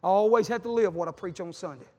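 A middle-aged man, preaching a sermon as a pastor, telling folksy stories with animated emphasis. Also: high voice, fast, dull audio. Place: church sanctuary. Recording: long church reverb.

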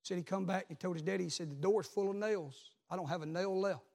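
A man, a pastor preaching a sermon, telling a story and then building to loud repeated calls. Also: high-pitched, quick pace, gravelly.

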